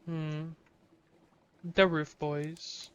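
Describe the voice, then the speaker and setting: A man's voice: a little high, level tone, very slow, clear, resonant tone. A man streaming a video game live, reading its text aloud and reacting with sudden swearing.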